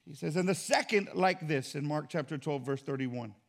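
High-voiced preaching pastor, emphatic. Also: male voice, moderate pace, creaky. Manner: emphatic, swings from loud to quiet; repetitive preaching cadence. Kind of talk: sermon. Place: church.

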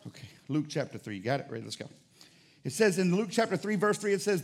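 A male pastor preaching a sermon, emphatic and full of rhetorical questions, sometimes rising to shouted declarations. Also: high voice, big pitch swings, fast talker.

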